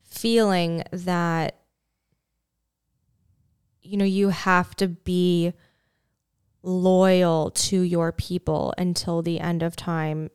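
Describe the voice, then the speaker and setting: Woman, podcast co-host, lowish voice, very smooth, hesitant, rambling questions. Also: little pitch movement, very slow, long pauses, darkish tone, no room sound, studio quality. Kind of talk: casual conversation.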